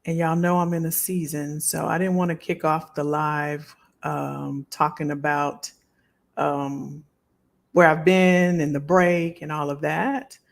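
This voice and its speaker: A woman's voice: low voice, little pitch movement, slow, vocal fry. A middle-aged woman hosting a live stream, chatting casually and heartfelt with her viewers and often repeating phrases. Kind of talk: casual chat to a live audience.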